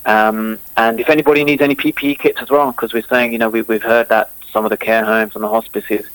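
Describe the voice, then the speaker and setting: A man's voice: mid-range voice, little pitch movement, fast, a bit bright, clean tone, dry recording, poor audio. A man, a cricketer being interviewed, talks eagerly and rambles with many fillers and restarts. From England. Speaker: cricketer and guest.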